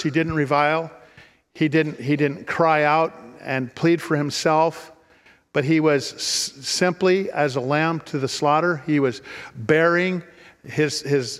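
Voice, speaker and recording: A man's voice: a little high, fairly bright tone, in a large hall. A man preaching a sermon in an earnest storytelling manner, often repeating words as he restarts. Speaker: pastor.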